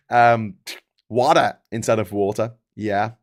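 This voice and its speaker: With a medium-pitched voice at normal speed, a British livestream host in his fifties keeps things casual. He reads viewer comments aloud and rants, with lots of swearing and restarts.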